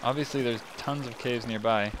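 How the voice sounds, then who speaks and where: A man hosting a gaming channel, talking to himself in casual, excitable commentary as he plays. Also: medium pitch, moderate pace, very noisy. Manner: chatty, excitable, talks to himself while playing.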